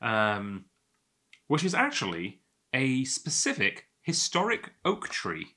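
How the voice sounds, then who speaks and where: A man's voice: medium pitch, huge pitch swings, slow pace, bright, forceful tone. A man hosting a whisky tasting, chatting in a rambling, self-amused way as he sips and talks to the camera. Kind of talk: casual tasting monologue.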